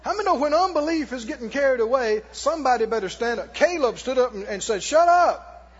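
A man preaching a sermon, emphatic and booming as he questions the congregation. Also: animated, fast talker, husky. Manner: emphatic, rising and booming, asking the crowd questions. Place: church hall. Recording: echoey hall, dull lo-fi sound.

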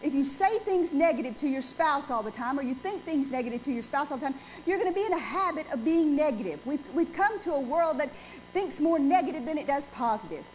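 A woman's voice: high-pitched, lively intonation, fairly quick, darkish tone. A woman in her forties preaching a sermon in a church, speaking emphatically and putting questions to the congregation. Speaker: pastor. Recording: dull lo-fi sound with faint noise.

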